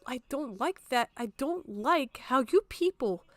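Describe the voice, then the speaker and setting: A woman's voice: sits high, animated, unhurried, no room sound. A woman streaming from home, delivering an impassioned, indignant rant and apologizing often. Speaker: livestreamer. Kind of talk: emotional commentary on a livestream. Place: home room.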